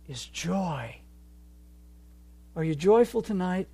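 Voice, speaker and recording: A man preaching a sermon, moving from quiet reflection to loud, fervent exhortation. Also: a little high, unhurried, long pauses, dry recording.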